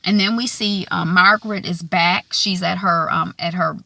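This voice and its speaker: A woman's voice: fairly low pitch, fairly even intonation, normal speed, gravelly, pushed and bright, no echo. A woman casually recapping a TV episode, chatty, with lots of filler words, acting out the quotes. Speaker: recap vlogger.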